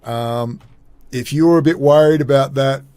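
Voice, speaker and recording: A male podcast host talking off the cuff in an average-pitched voice. He rambles, swears bluntly and often breaks off mid-sentence. The sound is dry and close, with no room echo. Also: unhurried, a little mellow, clean tone. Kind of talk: casual solo commentary.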